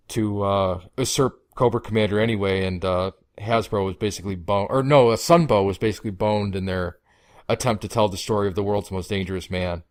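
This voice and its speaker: A low-voiced man from Canada joining a movie commentary as a guest. He rambles through his points with plenty of fillers and restarts. The sound is close and dry. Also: no echo. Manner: rambling, hesitant, many fillers. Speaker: podcast guest.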